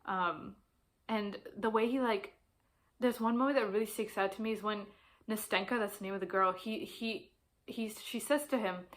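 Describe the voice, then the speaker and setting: A young woman in a casual book vlog, talking in loose rambles full of fillers and restarts. Her pitch sits at an ordinary middle height for a woman, and she gushes with excitement as she talks. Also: normal speed. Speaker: book vlogger. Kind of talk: casual chat about books.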